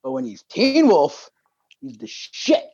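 A man's voice: high voice, big pitch swings, slow pace, creaky, warm tone, slight background noise. A man co-hosting a podcast, telling a rambling story full of swearing in casual chat. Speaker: podcast co-host. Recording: dull lo-fi dry sound.

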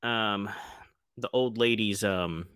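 Low-voiced man recapping a show. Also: slow, smooth, no echo, clean studio sound. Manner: swearing, laughing, animated retelling. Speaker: podcast co-host. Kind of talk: casual TV recap chat.

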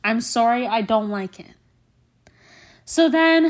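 A young woman with a high voice talks in a playful put-on Southern accent. She rants alone on her podcast, swearing freely and sounding exasperated and emphatic. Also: animated, slow pace. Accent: put-on mock Southern US. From Canada. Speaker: podcast host. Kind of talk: solo comedic storytelling rant.

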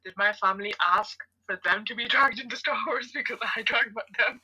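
A woman's voice: on the high side, a little fast, sharp tone, a little hiss or hum, low-quality recording. A woman co-hosting a podcast, teasing and laughing in casual chat. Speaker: podcast co-host.

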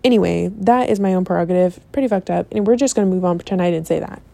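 A young woman in casual, profane chat, sassy and animated, often slipping into mock voices. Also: on the low side, fast talker, gravelly.

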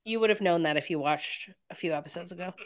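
A woman co-hosting a podcast, casually recapping a TV episode in an animated way, acting out the characters' lines. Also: lowish voice, fast. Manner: animated retelling with lots of "like" and acted-out quotes. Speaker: podcast co-host.

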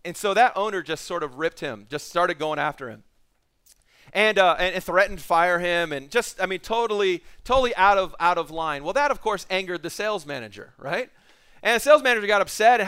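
A man's voice: high voice, a little fast, pushed and bright, clear, resonant tone. A man preaching a sermon, telling a story with acted quotes and swings of emphasis. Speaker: pastor.

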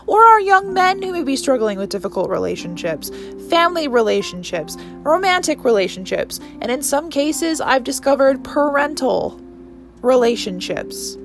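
An earnest young woman in her twenties talks alone on her podcast, her voice sitting a little high. She rambles and restarts, growing emotional as she goes. Faint music plays softly behind her. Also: sing-song, moderate pace. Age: 20s. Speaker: podcast host. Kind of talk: casual solo podcast monologue.

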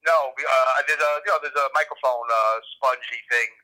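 A man's voice: medium pitch, steady tone, fairly quick, pushed and bright. A man talking by phone from his car, a self-deprecating joker who halts with many ums. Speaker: podcast guest. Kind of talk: casual chat. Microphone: phone headset. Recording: tinny phone line.

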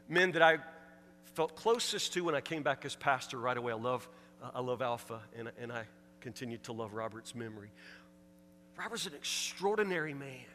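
A male pastor from a small American town preaching a storytelling sermon in a church, swinging between loud and soft. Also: fairly high pitch. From Woodburn, US. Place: church sanctuary. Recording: reverberant church hall, faint hum.

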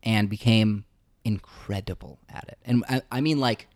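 Low-voiced man telling his story. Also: no echo, clean studio sound. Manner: reflective, halting with fillers. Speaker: musician guest. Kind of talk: casual interview storytelling.

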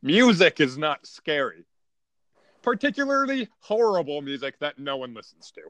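A man's voice: a little high, sing-song, normal speed, a bit bright. A man co-hosting a podcast in casual chat, making dry, mock-serious jokes. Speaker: podcast co-host.

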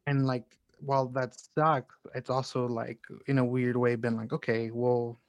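A man's voice: medium pitch, flat delivery, unhurried, no room sound. A young man in casual podcast chat, talking candidly and rambling with lots of fillers and swearing.

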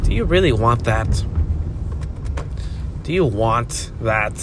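A man hosting a rambling solo podcast while driving, talking crudely and swinging from shouts to mumbles. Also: medium pitch, expressive, slow. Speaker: podcast host. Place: inside a car. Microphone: phone held to face. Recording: faint road noise in a car.

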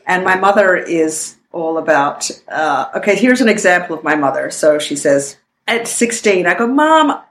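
A woman's voice: on the low side, moderate pace, a little hiss or hum. Candid woman guest, laughing often. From former Soviet Union. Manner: candid, laughing, quotes people in put-on voices. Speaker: podcast guest, author. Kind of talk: casual chat.

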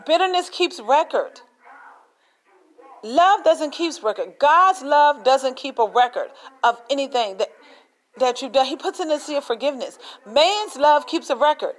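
A woman's voice: high-pitched, poor audio. Emphatic woman preaching a sermon. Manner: emphatic, repetitive, plays out scenes in voices.

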